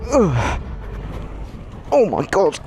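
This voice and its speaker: A man's voice: sits high, wildly swooping pitch, drawn-out words. A young man giving casual commentary while riding a motorbike outdoors, exclaiming, swearing and laughing at himself, recorded on an action camera with a portable recorder. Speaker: motorcycle vlogger.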